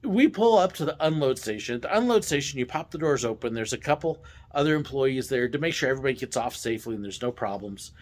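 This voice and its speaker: A man hosting a vlog, casually telling stories from his theme park job in a playful, animated way and acting out the voices. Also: medium pitch, fast, hardly any pauses. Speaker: vlog host, former theme park ride driver. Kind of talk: casual storytelling.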